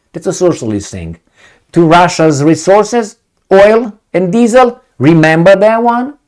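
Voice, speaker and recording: A man's voice: fairly high pitch, darkish tone. A man reading a news article aloud and breaking off into combative, sarcastic commentary, often losing his words and restarting. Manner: combative, sarcastic, heated asides. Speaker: political commentator.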